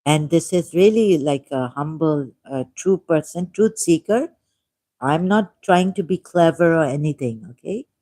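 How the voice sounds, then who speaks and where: A man with a Pakistani accent hosting a livestream, reading a text aloud at a deliberate pace with musing asides and repeated key words. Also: a little high, lively intonation, mellow, no echo. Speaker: livestream host.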